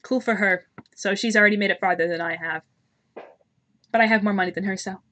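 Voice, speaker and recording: A woman's voice: mid-range voice, a little fast, a bit bright. A woman streaming a visual novel game, reading the story aloud and breaking off into chatty, giggly, teasing asides.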